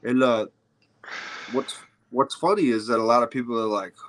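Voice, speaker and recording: A man's voice: medium pitch, moderate pace, a bit bright, a little hiss or hum, poor audio. A man from Michigan, a rapper guest, chatting loosely over a video call with lots of fillers and laughs. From Michigan, USA. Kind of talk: casual video-call chat.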